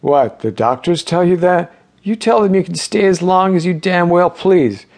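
A man doing a gruff, shaken hospital patient. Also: high voice, moderate pace, darkish tone, pitched above the performer's own voice. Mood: indignant. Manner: gruff and blunt, curses freely.

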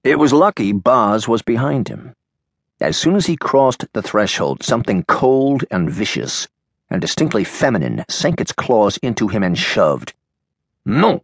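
Low-voiced male audiobook narrator. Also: very animated, moderate pace, husky, dry recording, studio quality. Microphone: studio microphone.

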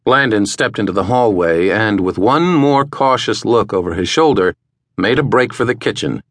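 A man narrating an audiobook in a measured, even way, recorded in a studio. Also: lowish voice, dry recording. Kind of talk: scripted narration.

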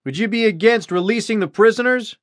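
A man's voice: high voice, a little fast, dry recording, pitched above the performer's own voice, lightly acted. A man voicing an eager, playful young Union corporal.

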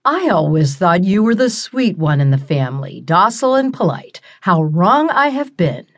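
A self-satisfied talking crystal skull, put on by a woman narrator drawls its lines slowly and sprinkles in French words. The voice sits on the low side for a woman and stays chatty and pleased with itself, like a character in a read-aloud storybook. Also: very animated. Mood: smug teasing.

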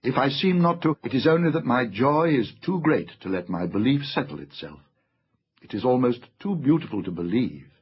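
Man doing a calm, gentle unicorn knight, storybook reading, slightly dull lo-fi sound. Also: medium pitch, moderate pace, breathy edge. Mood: courteous. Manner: gentle, courtly speech. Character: loyal male unicorn, calm and courteous. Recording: slightly dull lo-fi audiobook recording.

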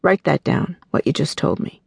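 A man's voice: a little high, big pitch swings, normal speed, vocal fry, breathy edge, dry recording, studio quality, heavily acted. A woman narrator voicing a suspicious male consulate clerk who questions her in short, clipped phrases with a foreign accent.

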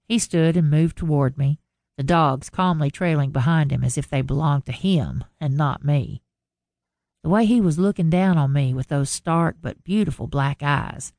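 A woman narrating a first-person contemporary romance audiobook in a measured storytelling manner. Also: low-pitched, a little mellow, no echo, clean studio sound.

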